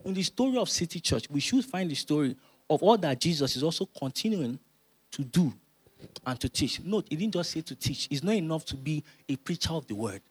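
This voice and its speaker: A man, preaching a sermon as pastor, emphatic and repeating phrases as he builds to loud exhortation. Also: fairly high pitch, animated, fairly quick, slightly rough. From Nigeria.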